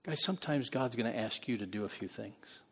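A man preaching a sermon as pastor, in a conversational style with frequent laughs, moving between soft and loud passages. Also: mid-range voice, brisk, gravelly, husky, in a large hall.

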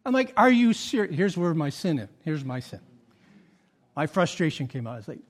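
Animated high-voiced male pastor preaching. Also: normal speed. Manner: animated storytelling with acted quotes and asides; drops soft and low for confessions. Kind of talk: sermon.

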